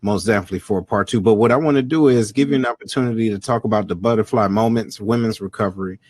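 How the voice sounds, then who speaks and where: Low-voiced affirming male host, dry sound. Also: fast talker, darkish tone, husky, no room sound. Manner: affirming, repeats his phrases for emphasis. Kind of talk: casual interview talk.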